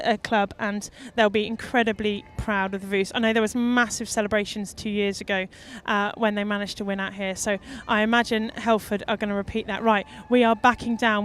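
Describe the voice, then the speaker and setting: A woman commentating live from a boat on the water, chatty, excitable and emotional. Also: a little high. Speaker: race commentator.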